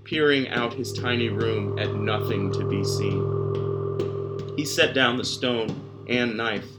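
Guy slowly reading a creepy story, kinda low voice, loud guitar playing behind. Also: sing-song, gravelly. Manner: slow, measured storytelling. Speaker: narrator. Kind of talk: scripted horror narration. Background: loud plucked guitar music.

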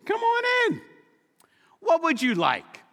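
A man's voice: very high-pitched, wildly swooping pitch, takes it slowly, creaky, a bit bright, long reverb tail, voice pushed up, full character voice. A man playing a boisterous, party-loving ancient king with a jovial, eager manner, in a sermon retelling.

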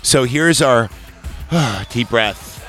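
A man's voice: medium pitch, lively intonation, fairly bright tone. Male podcast co-host, casual and profane, tends to ramble, faint music behind. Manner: rambling, profane, acts out film lines in quick voices. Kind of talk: casual movie discussion.

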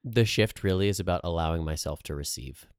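Low, smooth-voiced chatty man co-hosting. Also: brisk, no room sound, clean studio sound. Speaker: podcast co-host. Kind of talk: casual chat.

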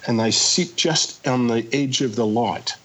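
Husky-voiced man telling stories. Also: mid-range voice, a little slow, low-quality recording. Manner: animated storyteller, exasperated asides. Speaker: guest traveller. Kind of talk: casual podcast chat.

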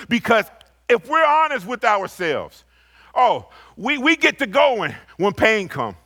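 A male preacher in full sermon, his voice pitched high and bright for a man. He reads scripture slowly and deliberately, then climbs into loud, emphatic rises before dropping into quiet, low asides. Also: very animated.

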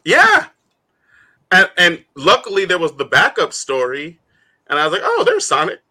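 Guy hosting a comic chat show, laughs a lot, super lively pitch, bright sharp voice. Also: normal speed. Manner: laughs often, teasing and animated. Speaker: host. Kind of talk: casual comic book discussion.

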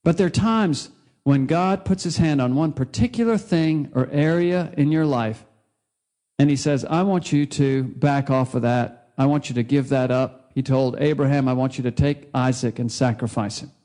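A man's voice: mid-range voice, moderate pace, dark tone. A man preaching a sermon, telling a personal story in an earnest, conversational way with wry asides. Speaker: preacher, former missionary.

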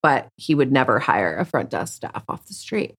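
A woman with a notably low voice speaks frankly as a podcast guest. She rambles, restarts her sentences and talks bluntly. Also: very animated, normal speed, breathy edge. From Canada. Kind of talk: candid interview conversation.

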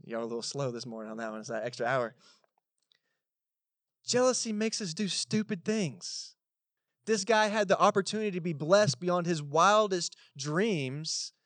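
A Texan man preaching a Sunday sermon in a loose, chatty way, talking straight to the congregation with little asides. His voice sits a bit high for a man, and the sound is close and dry, with almost no room echo. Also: a bit bright. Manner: casual conversational preaching with asides. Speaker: pastor. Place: church service in a cinema auditorium.

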